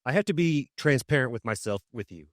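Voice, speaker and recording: A man's voice: medium pitch, lively intonation, fairly quick, dry recording, studio quality. A man co-hosting a podcast who plays a mock therapist in casual comedic chat. He is playful and often repeats himself. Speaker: podcast co-host.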